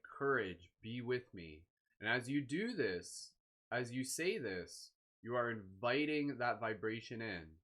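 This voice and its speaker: A man leading a live guided meditation, speaking slowly and soothingly with gentle encouragement. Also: medium pitch. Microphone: live stream microphone.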